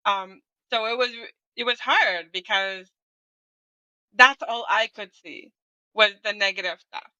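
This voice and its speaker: Bright-voiced earnest woman storyteller. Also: medium pitch, measured pace, no room sound, lo-fi sound. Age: 40s or older. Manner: candid, earnest, with frequent tag questions. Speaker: guest. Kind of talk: conversational storytelling.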